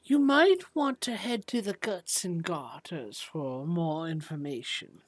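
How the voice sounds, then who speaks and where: A woman's voice: fairly low pitch, animated, takes it slowly, no echo. A woman voicing an old woman who sells zombies, sweet-talking and coaxing, calling people dearie. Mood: sly.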